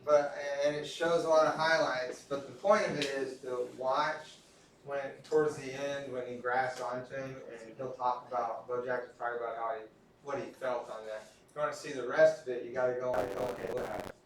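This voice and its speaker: A man's voice: medium pitch, fairly even intonation, moderate pace, a little hiss or hum. A man from Texas, lecturing a class in a casual, self-deprecating storytelling way. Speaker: instructor. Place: large echoey classroom. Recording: echoey classroom from far off.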